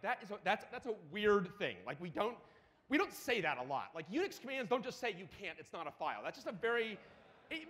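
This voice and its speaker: A man giving a live lightning talk at a conference while demoing a terminal, excitable and profane, with rapid asides. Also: very high voice. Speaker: conference speaker. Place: conference hall. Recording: reverberant conference hall.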